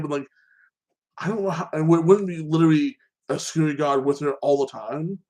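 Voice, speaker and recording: A man's voice: fairly high pitch, steady tone, a little fast, darkish tone. A man casually recapping a TV episode, rambling and opinionated, filling his talk with "like that" and restarting sentences. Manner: opinionated, ranting about plot holes. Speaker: host.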